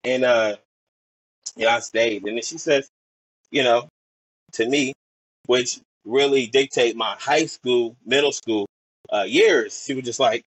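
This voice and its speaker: A man's voice: medium pitch, unhurried, pauses often, a bit bright, breathy edge, dry recording, poor audio. A young man from Portland, Oregon, a podcast guest telling stories in a rambling way, full of fillers and acted-out quotes. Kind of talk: casual storytelling chat.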